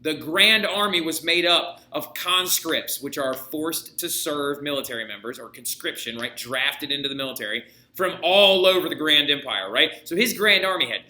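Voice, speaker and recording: Bright, casual male history teacher. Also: fairly high pitch, moderate pace, few pauses. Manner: casual, jokey, keeps asking "right?". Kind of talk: history lesson. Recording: echoey room.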